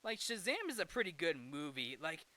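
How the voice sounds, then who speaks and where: In a casual movie recap, a man hosting a film review rambles through the plot, often correcting himself and starting over. His voice is fairly high-pitched and sharp, very animated, at a moderate pace.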